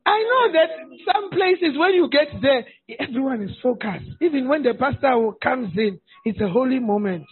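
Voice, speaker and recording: A man preaching a sermon as pastor, animated and humorous, often shouting for emphasis. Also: extremely high pitch, moderate pace, few pauses, a little hiss or hum. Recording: tinny phone-like sound.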